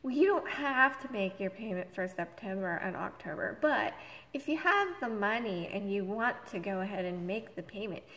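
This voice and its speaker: A woman voicing a tired, rude female phone agent who talks in a slow, dismissive drawl, recorded in a room with long reverb. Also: medium pitch, lively intonation, a bit bright.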